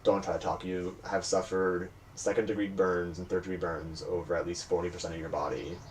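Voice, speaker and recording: A man doing a calm, soothing hospital doctor. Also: low-pitched, fairly quick, close to an everyday voice. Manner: soothing, patient, softly insistent. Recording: distant mic with faint hiss.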